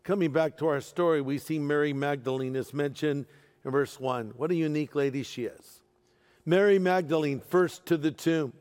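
A man preaching a sermon as pastor, animated and playful with humorous asides. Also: a little high, normal speed. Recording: long reverb of a large hall.

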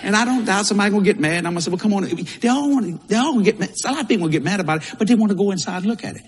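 Folksy preacher in a big hall. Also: male voice, high-pitched, lively intonation, very fast, slight background noise. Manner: folksy, repetitive preaching with Southern turns of phrase. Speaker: pastor. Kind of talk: sermon. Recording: long hall reverb.

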